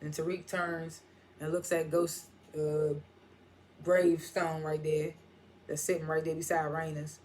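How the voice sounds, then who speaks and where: A TV reviewer giving a loose, animated recap of an episode, quoting characters along the way. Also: mid-range voice, unhurried, slight background noise. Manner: animated, loose retelling that quotes characters and laughs often.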